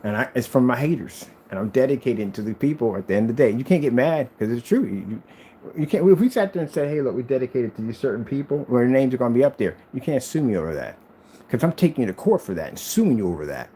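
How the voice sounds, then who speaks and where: A man's voice: mid-range voice, sing-song, fast talker, mellow, slight background noise. A man who makes projector screens, talking in a boastful, taunting vlog rant aimed at his critics.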